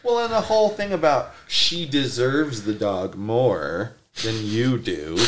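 A man's voice: mid-range voice, animated, slow, few pauses, background noise. A man co-hosting a podcast, chatting casually in a blunt, ranting way and repeating himself. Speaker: podcast co-host. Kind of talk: casual chat.

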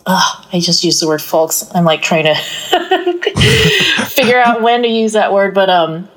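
A woman's voice: mid-range voice, sing-song, a little slow, fairly bright tone, rough recording. A woman talking as a guest on a casual podcast, chatty and leaning on "like" as filler. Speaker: executive director of an arts organization, guest.

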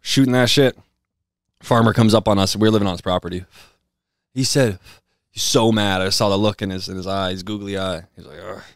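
A man's voice: on the low side, steady tone, fairly quick, pauses often, clear, resonant tone, no room sound, clean studio sound. A man from Western Massachusetts, a guest in a casual interview, telling rambling stories full of fillers in a house. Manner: loose storytelling with lots of fillers. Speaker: guest rapper. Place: house, indoors.

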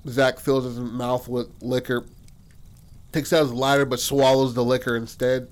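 A man in a middle pitch range, telling a story in a relaxed, rambling way. He swears often and pads his sentences with fillers. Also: normal speed. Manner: profane, rambling, says "like" and "and shit" a lot. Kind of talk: casual spoken storytelling.

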